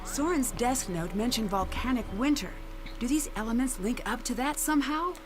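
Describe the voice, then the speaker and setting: An actress voicing a young woman amateur detective in a video game, brisk and inquisitive, talking herself through clues. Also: fairly high pitch, expressive, slight background noise, close to an everyday voice. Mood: curious. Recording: game audio over background music. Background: game music.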